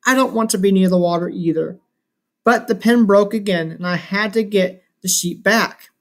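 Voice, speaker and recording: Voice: medium pitch, normal speed, natural voice. A reader voicing a dutiful young girl who answers in a matter-of-fact, puzzled way in a story reading.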